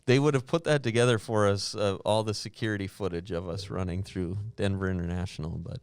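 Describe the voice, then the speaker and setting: A man hosting a podcast, telling a travel story in a lively way, acting out what others said and laughing often. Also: low-pitched, a little fast, clear, resonant tone, dry recording, studio quality. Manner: animated, acts out quoted voices, laughs often. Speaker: podcast host. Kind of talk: casual storytelling.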